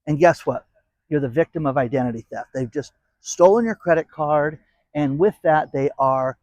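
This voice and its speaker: A channel host offers casual commentary to camera in a slightly high, darkish voice with no echo. He drives each point home by repeating "okay?" to his viewers.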